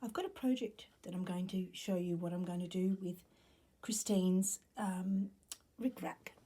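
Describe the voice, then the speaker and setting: An Australian woman who does sewing crafts chats and thinks aloud in a casual home vlog, rambling and correcting herself as she goes. Her voice is lowish, mellow and husky, at a measured pace. She's in a wooden-floored room at home, recorded by a camera set up nearby.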